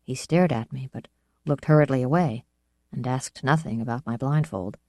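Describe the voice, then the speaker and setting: A woman narrating an audiobook in a steady, measured storytelling manner. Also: very deep voice, no echo, clean studio sound.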